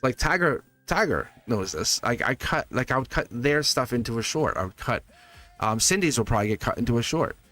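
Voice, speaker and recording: A man's voice: medium pitch, expressive, fairly quick, fairly bright tone, faint music behind. A man hosting a live tarot reading stream, chatting casually with viewers, laughing often and repeating himself as he talks. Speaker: tarot reader, livestream host.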